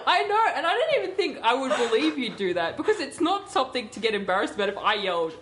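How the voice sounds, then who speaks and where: Young female radio co-host, high-ish voice, giggly storyteller, casual chat. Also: sing-song, fast, background noise.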